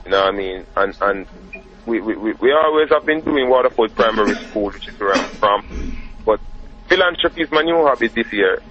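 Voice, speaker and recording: A Jamaican dancehall artist talking casually as an interview guest, relaxed and often asking "you know what I mean". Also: male voice, lowish voice, brisk, faint music behind. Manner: laid-back, says "you know what I mean" a lot. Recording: dull lo-fi radio recording.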